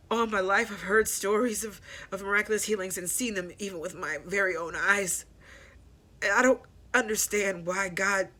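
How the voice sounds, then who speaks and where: A woman hosting a personal grief podcast, talking candidly and haltingly, repeating herself as she works through her thoughts. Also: medium pitch, pushed and bright. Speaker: podcast host.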